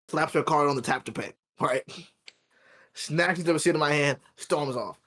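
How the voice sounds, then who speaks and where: Animated storytelling man, a bit high-voiced. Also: moderate pace. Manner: animated, acts out customers' voices, swears a lot. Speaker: podcast co-host; resort cashier telling a work story. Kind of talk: casual storytelling chat.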